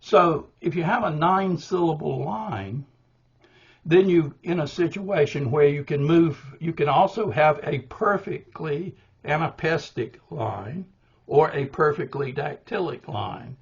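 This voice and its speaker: An older man with a husky voice explains poetic meter slowly and deliberately, now and then restarting a phrase. The recording sounds dull and muffled. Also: on the high side. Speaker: poetry workshop teacher.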